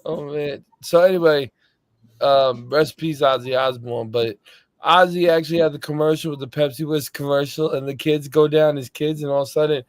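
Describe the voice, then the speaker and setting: A man hosting a casual podcast chat, telling stories animatedly with loud laughs and acted-out voices. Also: a little high, steady tone, brisk, no room sound. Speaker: podcast host.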